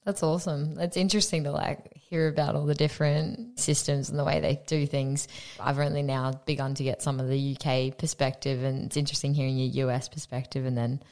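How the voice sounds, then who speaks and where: Low-voiced Australian woman hosting. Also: flat delivery, fairly quick, few pauses, darkish tone. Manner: reflective, many "you know" fillers. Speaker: podcast host. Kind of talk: casual interview chat.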